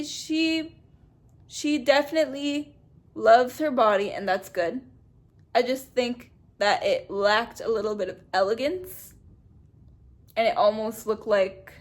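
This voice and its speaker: A woman giving casual, blunt and sarcastic commentary as a YouTuber reviewing a reality show. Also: medium pitch.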